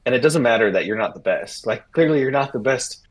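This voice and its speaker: A husky man in his thirties, an interview guest telling a rambling story and acting out the people in it. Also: mid-range voice, a little fast, low-quality recording. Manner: rambling, animated retelling with acted-out quotes.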